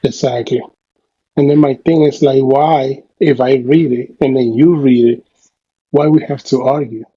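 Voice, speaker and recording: A man's voice: medium pitch, steady tone, a little slow, dark tone, lo-fi sound, a little hiss or hum. A man in casual podcast conversation who makes his points with rhetorical questions.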